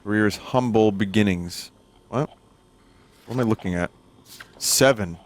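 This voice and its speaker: A man in his thirties with a low-pitched voice, streaming a horror game and riffing with chat. His humor is dry and offhand, and he speaks in relaxed, conversational bursts. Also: measured pace. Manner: dry, joking, talks to chat. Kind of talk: casual gameplay commentary.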